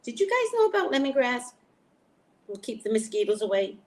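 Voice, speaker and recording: A woman chatting casually to her viewers, excitedly showing off things she bought and talking about them. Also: fairly high pitch, a little fast. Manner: chatty, excitable, shows items to camera. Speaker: spiritual reader and vlogger. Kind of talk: casual live chat to viewers.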